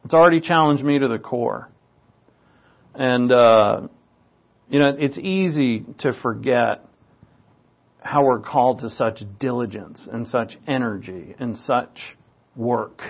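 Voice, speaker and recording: A man's voice: mid-range voice, takes it slowly, pauses often, lo-fi sound. A man preaching a conversational sermon, with joking, self-mocking asides.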